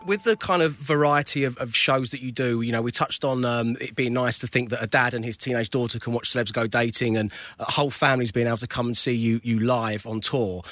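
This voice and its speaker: A man's voice: mid-range voice, level tone, brisk, hardly any pauses, a bit bright, no echo, faint music behind. A middle-aged man hosting an interview, asking easygoing conversational questions. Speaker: interview host. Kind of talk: casual interview chat.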